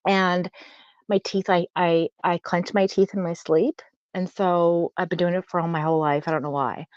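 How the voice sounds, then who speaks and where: A woman in her late forties chatting casually with a friend, telling stories in an animated way and laughing often. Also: lowish voice, normal speed, no room sound, dull audio. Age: 40s. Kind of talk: casual chat.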